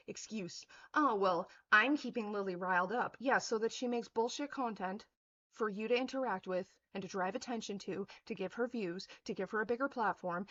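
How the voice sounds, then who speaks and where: In her own video, a young vlogger delivers an angry rant to camera, full of profanity and cutting insults, now and then sneeringly mocking others. Her voice is medium-pitched, and the recording's highs are cut off.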